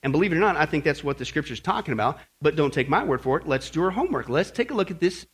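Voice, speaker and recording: A man with a fairly high, husky voice leads a Bible lesson. His pitch swings widely as he talks, and he keeps asking his listeners "okay?" and "right?". He drops in slang and jokes in a casual, conversational preaching manner. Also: lively intonation, racing. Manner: jokey, uses slang. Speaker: Bible teacher. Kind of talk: sermon-style Bible lesson to a group.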